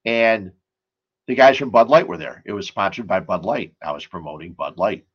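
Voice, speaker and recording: A man's voice: fairly low pitch, normal speed, vocal fry, breathy edge, dull audio. A man hosting a casual sports and beer talk show, rambling and chatty, full of asides and stories.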